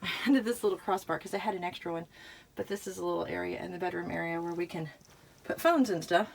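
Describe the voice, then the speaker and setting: Speaking fast in a gravelly, lowish voice, a woman vlogs from her small RV. She keeps up a chatty patter to the camera while doing chores, laughing at herself and short of breath.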